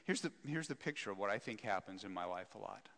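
A man who leads a seminary, telling a story in an animated, self-mocking way during a teaching talk. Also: on the low side, fast, gravelly. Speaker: seminary president, speaker. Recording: echoey hall.

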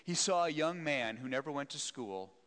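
A man preaching a sermon who retells a Bible story and acts out its people with lively energy. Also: mid-range voice, normal speed, long reverb tail. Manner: animated, acts out voices.

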